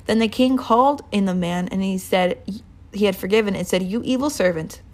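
A woman with a medium-pitched voice speaks fairly quickly as a Bible teacher giving an informal sermon. She's earnest but casual and rambling, with plenty of fillers.

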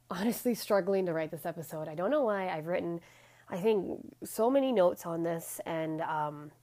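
Raspy, stuffy-voiced woman podcaster. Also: on the low side, a little mellow. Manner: rambling, many ums and restarts. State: out of breath at times. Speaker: podcast host. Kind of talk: casual solo podcast talk.

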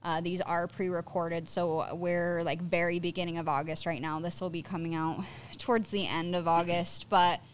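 A woman's voice: on the low side, little pitch movement, normal speed, a little hiss or hum. A young woman hosting a podcast, talking casually with lots of fillers and swearing freely. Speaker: podcast host. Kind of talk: casual chat.

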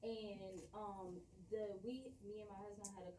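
Mom guest, off-mic in an echoey crowd. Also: female voice, medium pitch, measured pace, distant mic, slight background noise. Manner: lively, imitates others. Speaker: guest, mother. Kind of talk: personal story. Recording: roomy, off-mic, crowd behind.

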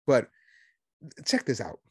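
A man's voice: slow pace, darkish tone, no room sound. Blunt Puerto Rican man, dry mic. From Puerto Rico. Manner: indignant, blunt, self-mocking. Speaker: podcast host. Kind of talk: opinionated commentary.

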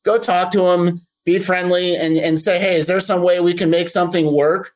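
A man's voice: high-pitched, steady tone, moderate pace. A man who runs a boat detailing shop, speaking in a casual podcast interview in a friendly, practical way with plenty of fillers.

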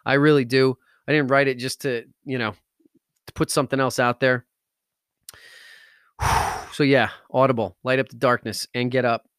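A man hosting a podcast in an energetic, slangy motivational talk style, hyped and enthusiastic. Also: mid-range voice, moderate pace, pauses often, clean tone, no room sound, clean studio sound. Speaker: podcast host.

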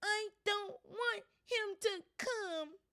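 A woman's voice: very high voice, fairly bright tone, pitched above the performer's own voice, exaggerated voice. Woman doing a whiny spoiled boy. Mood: whining. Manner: slow wailing whine.

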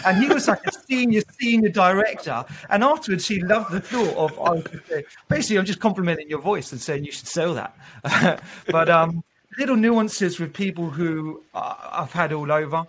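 A man working as a recruiter, casually telling funny stories in an interview, animated and laughing, with frequent restarts. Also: fairly high pitch, fairly quick.

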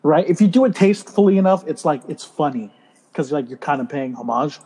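A man's voice: a little high, lively intonation, brisk, warm tone, slightly rough, low-quality recording. A man co-hosting a podcast in casual chat, joking, laughing and swearing freely. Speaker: podcast co-host.

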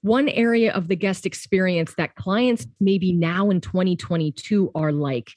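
A woman's voice: on the low side, unhurried, a little mellow, no room sound. A woman hosting a podcast chat, who talks steadily and lays out her points in lists. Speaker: podcast host.

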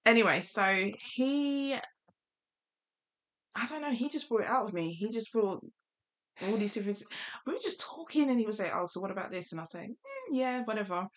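A woman's voice: medium pitch, expressive, brisk. A young woman hosting a podcast, telling a candid story with frequent laughter. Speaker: podcast host. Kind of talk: casual chat.

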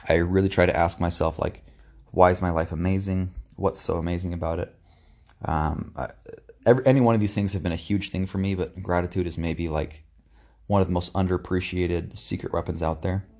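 Low gravelly-voiced earnest young man. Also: a little mellow. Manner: earnest, repeats and restarts words, trails off often. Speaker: podcast host. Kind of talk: casual reflective monologue.

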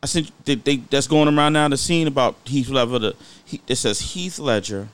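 A man co-hosting a casual podcast chat, slangy and animated, often cutting in. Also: medium pitch. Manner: animated, slangy, quick to interrupt. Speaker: podcast co-host.

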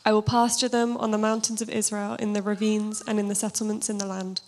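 A woman with a slightly husky voice, speaking casually and then giving a steady scripture reading in a sermon. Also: mid-range voice, brisk, slight background noise. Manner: informal and self-deprecating, steady even reading. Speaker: church speaker.

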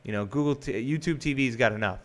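A man co-hosting a casual tech chat show, easygoing and quick to laugh along. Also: mid-range voice. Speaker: co-host.

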